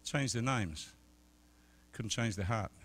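A middle-aged man preaching a sermon as an evangelist, telling stories and swinging from quiet talk to loud shouted peaks. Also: fairly low pitch, takes it slowly. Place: church service.

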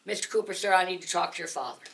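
A man's voice: sits high, racing, creaky, fairly bright tone. A woman voicing an earnest, courtly young man who is stiffly polite and keeps saying sir, in a told story. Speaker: story character.

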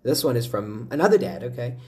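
Animated man reacting with repeated exclamations. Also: medium pitch, brisk. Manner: exclaiming, repeating "wow", chatty asides to viewers. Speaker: video host. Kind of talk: casual reaction commentary.

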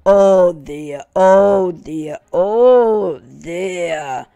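A greedy big bad wolf from a storybook, gruff and slow with a growl, put on by a woman reading aloud. The voice sits lower and booms louder than her narration, with a gravelly, husky edge. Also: dry recording, soft background music, heavily acted. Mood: groaning.

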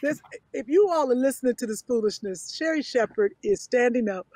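A woman co-hosting a comedy podcast, protesting in a mock-prim, deliberate way. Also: fairly high pitch, lively intonation, darkish tone, no room sound. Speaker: podcast co-host. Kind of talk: comedic banter.

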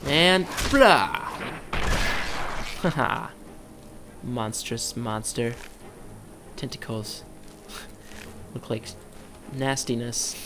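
A man talking through his gameplay in a loose, joking way, swearing freely and jumping to loud yelps when monsters appear. His voice sits at an ordinary middle pitch. A faint hum of noise runs underneath. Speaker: gaming commentator. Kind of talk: casual let's-play commentary.

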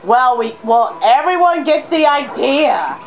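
High, lively woman gaming. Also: a little slow. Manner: jumpy, exclaiming, chatters to the character on screen. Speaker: let's play gamer. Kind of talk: excitable gameplay commentary. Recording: dull lo-fi recording with game music.

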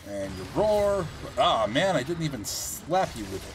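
A man giving casual gameplay commentary, chatty and thinking aloud as he plays, with animated reactions. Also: fairly high pitch, unhurried, few pauses, noisy background.

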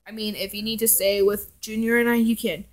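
A woman reading as a gentle consoling uncle. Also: medium pitch, steady tone, fairly quick, close to an everyday voice. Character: caring uncle, grown man, consoling.

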